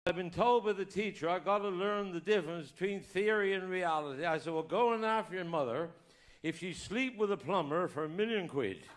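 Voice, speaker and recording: A man telling crude stand-up jokes with lively delivery and laughter. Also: sits high, a little fast, slight background noise. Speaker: stand-up comedian. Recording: roomy echo.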